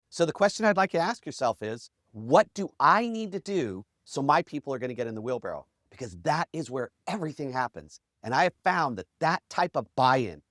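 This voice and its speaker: A man hosting a podcast, telling a story in a lively motivational way and acting out the quotes in character voices. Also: mid-range voice, no echo, studio quality. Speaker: podcast host.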